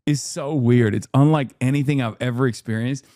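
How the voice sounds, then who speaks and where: A man's voice: mid-range voice, steady tone, a little fast, warm tone, no echo, studio quality. A man streaming a casual reaction with crude, sarcastic asides and frequent laughing.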